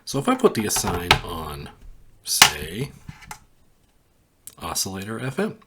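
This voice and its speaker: Male tutorial host, deep and slightly husky, casual step-by-step explaining, animated intonation. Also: takes it slowly, very noisy. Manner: relaxed, explains step by step while pressing buttons.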